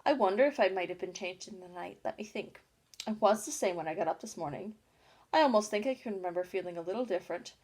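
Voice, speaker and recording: A woman's voice: mid-range voice, quick pace, a little mellow, husky, lightly acted. A curious, chattering young girl from a storybook, read by a woman in her own voice. She talks to herself in a fussy, wondering way, as if puzzling everything out aloud. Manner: fussy, wondering self-talk. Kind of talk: audiobook character reading.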